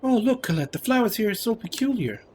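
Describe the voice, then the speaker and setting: A man's voice: high-pitched, big pitch swings, fast talker, a little mellow, a little hiss or hum, pitched above the performer's own voice. A man doing a chirpy young boy's voice. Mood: excited.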